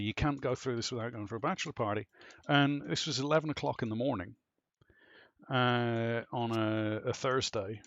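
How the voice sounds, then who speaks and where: A man with an Irish accent telling stories in casual chat with friends on a live stream, animated and swearing freely. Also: medium pitch, moderate pace, dry recording, dull audio. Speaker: streamer chatting with clanmates.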